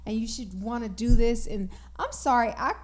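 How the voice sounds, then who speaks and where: A woman's voice: a little high, moderate pace. A woman co-hosting a casual podcast chat, telling stories animatedly and laughing often. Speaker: podcast co-host.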